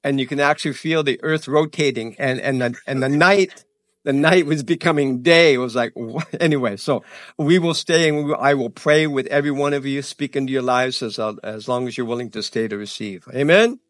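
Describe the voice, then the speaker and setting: A man pastor giving church announcements before his sermon, animated and excited, tripping over his words and laughing at himself. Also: medium pitch, a little fast, dry recording, clean studio sound. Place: church sanctuary.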